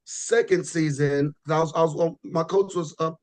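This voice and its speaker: Podcast guest, male: easygoing and rambling, restarts a lot, pitched a touch high. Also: moderate pace. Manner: relaxed, rambling with frequent restarts and "you know". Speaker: podcast guest, pro bodybuilder. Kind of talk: casual podcast chat.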